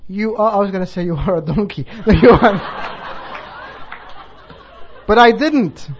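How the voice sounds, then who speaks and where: A man's voice: high voice, a little slow, a faint crowd, slight background noise. A man, a bishop, giving a sermon in a chatty, self-deprecating way, telling a joke and laughing along. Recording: dull lo-fi recording.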